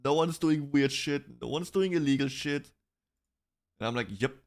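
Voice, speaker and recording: A man's voice: fairly high pitch, moderate pace. A man streaming, chatting casually about online drama in a rambling way, with restarts and bursts of laughter.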